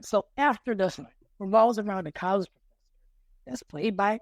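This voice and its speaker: A man's voice: high voice, dry recording. Playful male podcast host, dry close mic. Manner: playful, teasing, reads plot summaries slowly. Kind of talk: casual podcast chat, mock pitch role-play.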